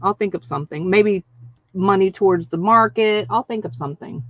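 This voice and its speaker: A woman hosting a casual craft livestream, chatty and excitable, laughing often and reading out viewer names. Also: mid-range voice, normal speed, no echo. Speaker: craft channel host. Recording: dry, dull lo-fi sound.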